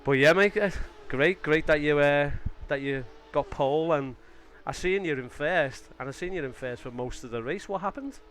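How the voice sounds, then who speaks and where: A man's voice: fairly high pitch, moderate pace, hardly any pauses, fairly bright tone. A young Australian man chatting casually on a live stream about a sim race, rambling and cutting himself off mid-sentence. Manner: chatty, rambling, self-interrupting.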